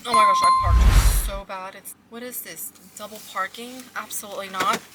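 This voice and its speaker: A woman's voice: mid-range voice, fairly even intonation, normal speed, over loud music. A woman vlogger chatting casually and upbeat to her viewers, calling them guys, while out on a walking trail. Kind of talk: casual vlog chat. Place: outdoors on a trail.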